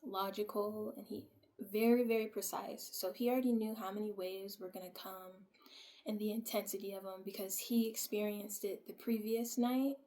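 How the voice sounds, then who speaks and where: Soft-spoken woman telling a personal story. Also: medium pitch, steady tone, normal speed. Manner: casual, many fillers like "like"; soft, often drops to near-whisper. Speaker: vlogger.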